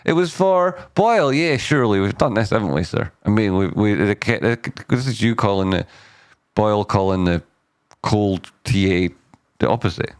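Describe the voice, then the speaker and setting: A man's voice: on the low side, animated, moderate pace, no echo, studio quality. A man hosting a casual live stock chart analysis, rambling and jokey, cutting himself off mid-sentence. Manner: rambling, self-interrupting, jokey asides.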